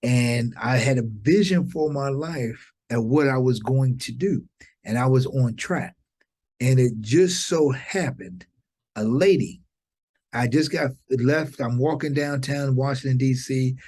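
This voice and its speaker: Speaking a little slowly, a fiftysomething man appears as a guest on a podcast to share an uplifting story. He preaches more than he talks, animated throughout, his pitch often jumping up for exclamations.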